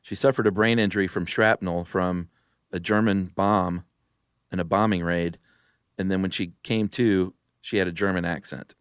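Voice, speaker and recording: Male podcast co-host, low smooth voice, easygoing and rambling. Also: fairly even intonation, normal speed, no room sound, studio quality. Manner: easygoing, rambling, many ums and likes. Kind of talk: casual chat.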